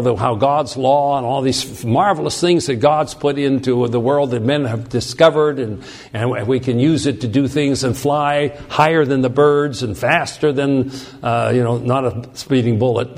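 A man preaching a sermon, telling a self-deprecating personal story with lively, animated delivery and frequent restarts. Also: medium pitch.

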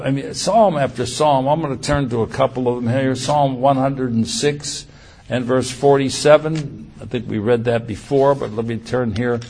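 A man preaching a sermon in an animated way, moving from quiet asides to loud, emphatic scripture quotes. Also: medium pitch, vocal fry, husky.

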